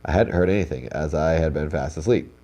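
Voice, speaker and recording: A man's voice: rumbling low, a little fast, dark tone. A young man, sounding congested, reads stories aloud on a live stream as host and breaks off for casual comments. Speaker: host reading viewer stories.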